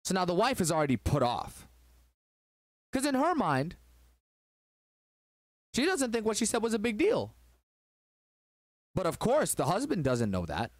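A man's voice: sits high, wildly swooping pitch, unhurried, long pauses, no room sound, clean studio sound. Man giving emphatic relationship advice. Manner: emphatic, preachy storytelling.

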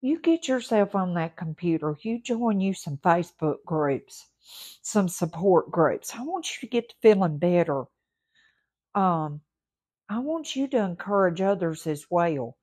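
A woman from the Mississippi Gulf Coast with a Southern accent, hosting a motivational podcast in a warm, folksy, repetitive way while recovering and a little short of breath. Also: mid-range voice, lively intonation, a little slow. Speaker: podcast host. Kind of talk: encouraging motivational podcast talk.

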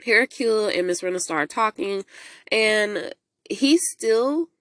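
A woman casually recapping a movie for her podcast listeners, telling it in an animated way and acting out the characters' lines. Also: mid-range voice, slow, dry recording, studio quality. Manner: animated storytelling, talks to listeners as "y'all", acts out quotes in character voices. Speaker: podcast host recapping a film.

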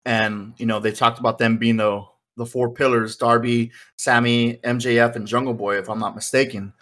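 A man's voice: mid-range voice, little pitch movement, normal speed, fairly bright tone. A man co-hosting a casual wrestling podcast, rambling with plenty of fillers. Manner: rambling, many fillers like "like" and "you know". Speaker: podcast co-host.

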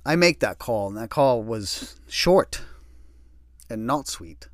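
Male storyteller, sardonic and lively, very expressive pitch, dry close recording. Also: slow pace, dry recording. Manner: animated, sardonic, acts out other people's lines. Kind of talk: personal storytelling.

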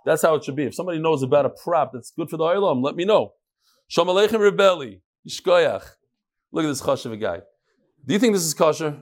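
A man teaching a Talmud class live, lively and joking, with Hebrew and Yiddish terms all through his talk. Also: on the high side, fast. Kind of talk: daf lesson to a live class.

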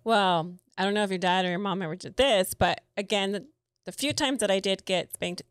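A woman with a Mexican American accent, co-hosting a casual podcast in a relaxed, low-key way. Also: a little fast, dry recording, studio quality. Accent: Mexican American English. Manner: laid-back, mostly short backchannels and laughs. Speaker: podcast co-host. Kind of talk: casual chat.

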